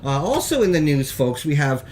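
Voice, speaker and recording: A man hosting a live call-in show, reading mock local news in a rambling, deadpan, jokey way that stumbles over words. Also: fairly high pitch, brisk, a little hiss or hum.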